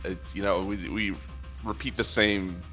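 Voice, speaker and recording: A man streaming with friends in casual chat, tossing off dry deadpan quips. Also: sits low, a little slow, soft background music.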